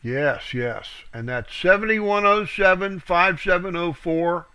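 A man leading a verse-by-verse Bible study in a slow, unhurried voice. He reads each verse aloud with weight, then explains it, pausing on fillers. His voice sits a little high and has a bright edge. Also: clear, resonant tone. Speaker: Bible teacher. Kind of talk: verse-by-verse scripture teaching.

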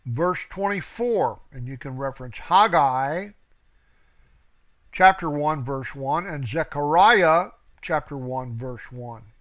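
A man with a high voice and a bright, forceful tone, reading scripture aloud as a preacher. He leans hard on key words and stretches them out. Between passages he drops into quick asides and sometimes stumbles and restarts a word. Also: expressive. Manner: emphatic, drawn-out stresses on key words.

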